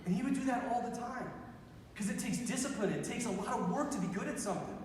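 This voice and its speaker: Man preaching in a booming echoey hall. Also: quick pace, slight background noise. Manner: animated storytelling with quoted voices. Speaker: priest. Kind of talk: youth talk. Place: large school gym.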